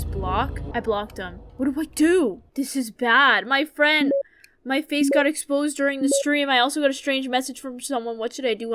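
A young woman with a high voice plays a horror game on stream. She talks to her chat in a nervous, jumpy way and reacts to each scare. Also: moderate pace, over music. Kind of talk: gaming commentary.

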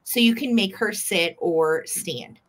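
A woman's voice: medium pitch, slow. A woman hosting a live vintage sale, chatty and gushing as she describes each item. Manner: chatty and gushing, fond little words. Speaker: host selling vintage items live.

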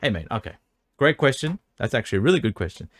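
A man's voice: mid-range voice, sing-song, fast. A man answering viewer questions about selling cards in casual chat, rambling and stumbling over words, his mouth dry and hiccuping. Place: indoor room by an air conditioner.

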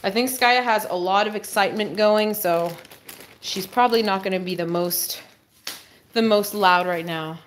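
A woman hosting a casual livestream, who talks to her dog in a high sing-song voice, drops low for asides and exclaims and laughs often. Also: moderate pace, slight background noise.

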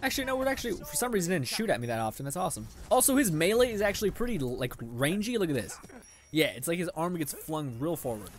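A man's voice: fairly high pitch, sing-song, fast talker. A young man giving casual gameplay commentary, sarcastic and frustrated, swearing often and laughing at his own losses. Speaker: gaming channel host.

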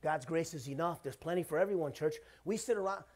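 A fairly high-pitched, fast-talking middle-aged man, the pastor, gives a conversational sermon that swings between loud bursts and hushed asides.

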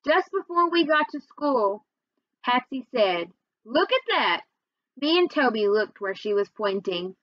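A woman reading a children's novel aloud, with expressive first-person storytelling. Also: fairly high pitch, dry recording, highs cut off. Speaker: reader.

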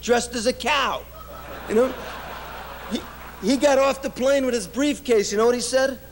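A man's voice: very high-pitched, moderate pace, slight background noise. A middle-aged man giving a business speech, telling anecdotes with frequent laughs and many "you know"s. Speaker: business speaker. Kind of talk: keynote storytelling speech. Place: event stage before an audience.

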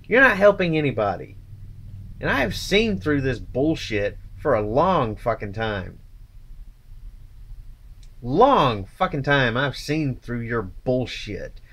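A man's voice: mid-range voice, big pitch swings, slow, fairly bright tone. A man ranting angrily to his channel, contemptuous and swearing constantly. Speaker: channel host. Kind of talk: angry profane rant to camera.

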